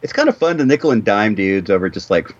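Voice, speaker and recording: A man's voice: on the low side, very animated, fast, lo-fi sound. A man hosting a podcast in casual chat, wry and teasing with playful asides. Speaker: podcast host.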